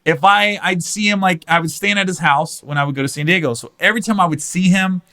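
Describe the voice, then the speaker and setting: A man's voice: high-pitched, quick pace. A man in his forties hosting a podcast, telling a story in casual chat and swearing freely. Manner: animated, acts out other people's voices in quotes, swears freely. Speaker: podcast host.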